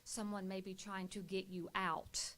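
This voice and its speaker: A woman's voice: mid-range voice, little pitch movement, measured pace, fairly bright tone. Candid, earnest middle-aged woman educator. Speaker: school administrator. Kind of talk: presentation to a board.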